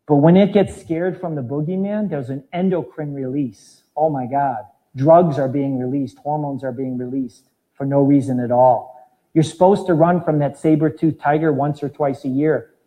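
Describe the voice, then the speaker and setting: A man in his fifties gives a live talk as a fitness trainer, animated and demonstrating moves as he goes. His voice sits high for a man, with a mellow, soft-edged tone. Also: low-quality recording. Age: 50s.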